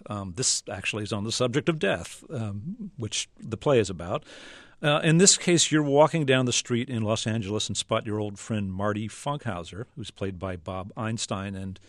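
A male radio interview host, speaking in a measured way as he sets up clips and asks questions. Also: lowish voice, no echo, clean studio sound.

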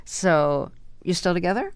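A woman's voice: lowish voice, very animated, a little slow, clean tone, no echo. A woman interviewing an author, asking her questions in a friendly, conversational way.

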